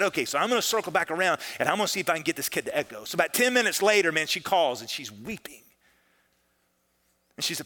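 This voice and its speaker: A male pastor preaching a sermon, telling a story with lively swings in loudness and acting out the voices of the people in it. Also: on the high side. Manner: animated storytelling with dramatic shifts in loudness, acts out quoted voices; conversational, peppered with "man" and "listen".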